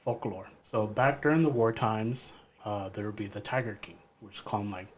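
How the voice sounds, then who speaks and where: A man's voice: fairly low pitch, moderate pace. A man casually retelling a folk tale on a podcast, loose and offhand, leaning on "like" and "pretty much.". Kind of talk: casual storytelling. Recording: faint background noise.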